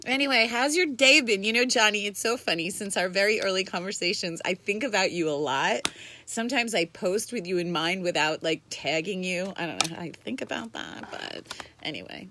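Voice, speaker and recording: A woman's voice: medium pitch, expressive, moderate pace, sharp tone, no room sound. A woman hosting a casual livestream from home, chatty and bubbly, greeting viewers by name. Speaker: livestream host. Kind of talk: casual live-stream chat.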